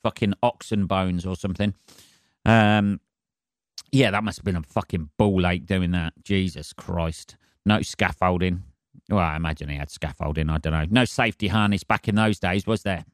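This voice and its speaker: A man hosting his own podcast from his flat, rambling in a sweary, sarcastic way. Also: deep voice, normal speed, dry recording, clean studio sound. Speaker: podcast host. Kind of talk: solo podcast rant. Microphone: decent studio mic.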